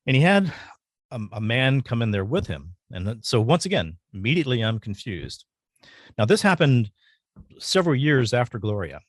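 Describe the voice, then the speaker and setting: A man telling a personal story as a podcast guest, earnest and halting, pausing often. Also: medium pitch, no echo, studio quality.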